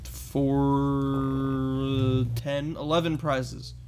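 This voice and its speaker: A man's voice: mid-range voice, flat delivery, very slow, darkish tone, a little hiss or hum. A man co-hosting a casual podcast who cuts in with dry interjections. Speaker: podcast co-host. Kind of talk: casual chat.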